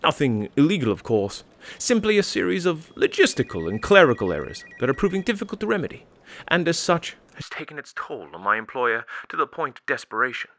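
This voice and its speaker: A man doing a velvet-smooth English phone scammer. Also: medium pitch, sing-song, a little fast, fairly bright tone, slight background noise. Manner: formal and unflappable. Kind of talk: comedy sketch acting.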